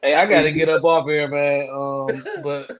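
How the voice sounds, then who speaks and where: A man's voice: a little high, little pitch movement, moderate pace, fairly bright tone. A man joining a podcast, teasing casually and laughing along. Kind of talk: casual banter.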